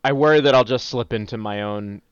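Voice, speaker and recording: A man's voice: medium pitch, brisk, clean tone, no room sound, lo-fi sound. A man co-hosting a casual podcast chat, wry and sardonic. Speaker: podcast co-host.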